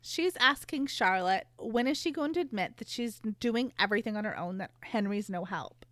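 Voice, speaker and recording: A woman co-hosting a casual chat podcast, retelling a story with lively put-on character voices. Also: mid-range voice, no echo. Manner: animated storytelling, acting out characters with quick voices. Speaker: podcast co-host recapping a book.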